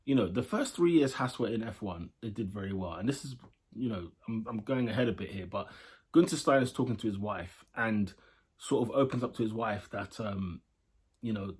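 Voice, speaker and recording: A man's voice: on the low side, expressive, moderate pace, slightly rough. A young man chatting his way through a casual spoken review of a show episode, rambling and opinionated.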